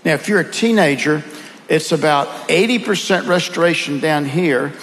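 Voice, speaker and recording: A man's voice: a little high, moderate pace, fairly bright tone, big-room sound, rough recording. A man with a Southern accent, telling earnest, folksy stories as a guest in a conversation. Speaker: guest speaker. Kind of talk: conversational storytelling.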